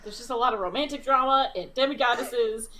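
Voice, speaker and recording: A woman playing a tabletop game, giggly and animated. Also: fairly high pitch, brisk. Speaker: player. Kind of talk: casual tabletop play.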